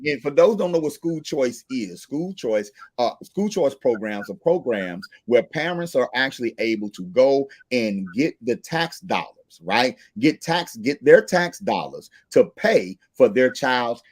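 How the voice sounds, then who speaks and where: Animated man hosting a podcast. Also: mid-range voice, a little slow, hardly any pauses, no room sound, studio quality. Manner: animated, seeks agreement with "right?". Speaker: podcast host. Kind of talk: casual podcast talk.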